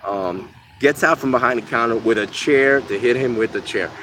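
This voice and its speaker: A man's voice: mid-range voice, normal speed, noisy background. A man telling candid stories from his own life in a rambling, profane way with lots of fillers, and giving blunt advice to listeners. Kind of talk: candid personal storytelling monologue.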